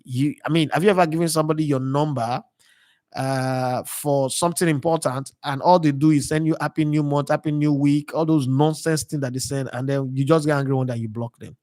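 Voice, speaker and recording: A man's voice: a little high, steady tone, a little fast, a little mellow, dry recording, studio quality. A Nigerian man in his thirties hosting a sports channel, telling rambling stories in a casual monologue and slipping into pidgin. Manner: digressive storyteller slipping into pidgin.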